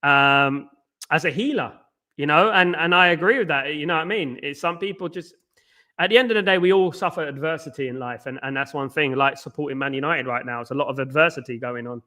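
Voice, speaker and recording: Man, fairly high voice, bright tense tone, rambling chatty live-stream host, lots of fillers. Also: a little fast. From England. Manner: chatty and rambling, many restarts and fillers, talks straight to viewers. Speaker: host of a live football watchalong. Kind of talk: casual live-stream chat, reading viewer comments.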